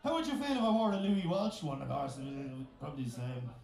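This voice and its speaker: High-voiced Irish man singing comic songs live. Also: quick pace, gravelly. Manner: cheeky, sweary, rallying the crowd. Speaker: comedy singer. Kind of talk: live comic song and banter. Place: live music venue. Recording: echoey live venue with loud music. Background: guitar music.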